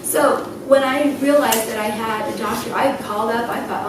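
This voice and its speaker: A woman's voice: on the high side, normal speed, a loud crowd. Emotional woman in an echoey hall. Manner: emotional, laughing through tears. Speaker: speaker at a health event. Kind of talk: personal testimony talk. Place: event hall. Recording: distant, echoey hall with noise.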